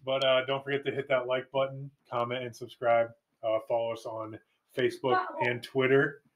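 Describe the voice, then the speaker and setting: A man's voice: medium pitch, flat delivery, moderate pace. A man hosting a casual sports chat, easygoing and a little hesitant. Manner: easygoing, hesitant, uses fillers. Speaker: host.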